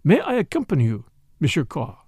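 A man voicing a shrewd older detective who asks questions gently and formally in an audiobook. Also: a little high, huge pitch swings, fairly quick, breathy edge, no room sound, studio quality, exaggerated voice. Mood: probing.

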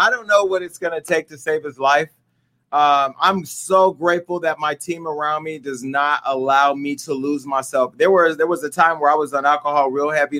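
A man's voice: a little high, bright, forceful tone. A middle-aged man hosting a casual commentary show, talking candidly and emotionally straight to his viewers. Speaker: host.

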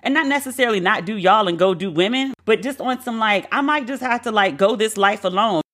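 Blunt, bright-voiced New York woman. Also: medium pitch, a little fast. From Brooklyn, New York. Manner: blunt, profane, acts out quoted dialogue. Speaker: storyteller. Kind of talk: candid personal storytelling.

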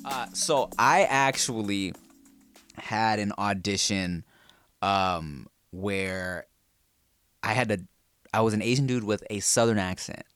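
A man's voice: fairly low pitch, slow pace, pauses often, fairly bright tone, clean tone, faint music behind. A man in his thirties co-hosting a podcast, telling a story in a laid-back, swearing, joking way. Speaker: podcast co-host. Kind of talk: casual podcast banter.

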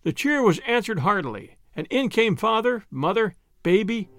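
A man reading a story aloud as narrator, with lively storytelling. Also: high voice, normal speed, no echo, studio quality, soft background music. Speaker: audiobook reader. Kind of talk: scripted narration.

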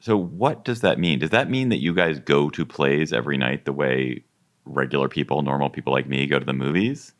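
A man's voice: rumbling low, brisk, dry recording, studio quality. A man chatting casually and asking curious, playful questions as an interviewer. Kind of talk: casual chat.

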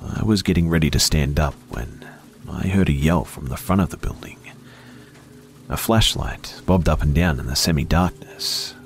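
A man slowly narrating a first-person horror story in a hushed voice that often drops to a whisper. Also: rumbling low, soft background music.

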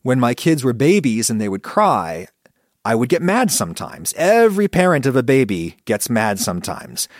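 A man's voice: mid-range voice, normal speed, no room sound, studio quality. A man hosting his own podcast, talking through his thoughts in a conversational, reflective way. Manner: conversational, reflective, animated when quoting thoughts. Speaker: podcast host. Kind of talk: solo podcast monologue.

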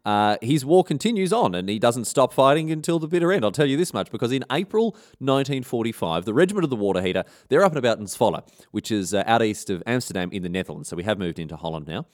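A man's voice: mid-range voice, animated, fast talker, hardly any pauses. Irreverent Australian man spinning a yarn. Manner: slangy, irreverent, rambling asides. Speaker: storyteller. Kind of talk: comic history storytelling.

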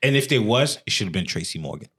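A man co-hosting a podcast, talking in a slow, emphatic, laid-back way. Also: on the low side, big pitch swings, fairly bright tone, husky. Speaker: podcast co-host. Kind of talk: casual chat.

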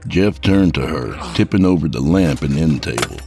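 Very deep-voiced male storyteller. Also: lively intonation, moderate pace, music in the background. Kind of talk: scripted horror narration.

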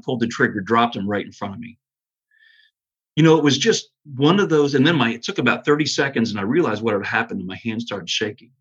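A man's voice: medium pitch, a bit bright, breathy edge, highs cut off. A man who is a bow hunter and podcast guest, telling an earnest hunting story in casual conversation, with many restarts.

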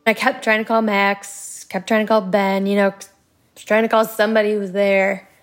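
A woman interviewed about a loss, retelling events haltingly with many fillers. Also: mid-range voice, flat delivery. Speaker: bereaved wife interviewed. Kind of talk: recounted interview testimony.

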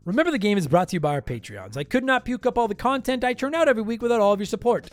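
A man's voice: high-pitched, sing-song, soft background music. A man hosting a podcast, casually joking and rattling off a long list of patron names while his voice is tired and worn. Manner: joking, self-deprecating, rapid list reading. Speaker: podcast host.

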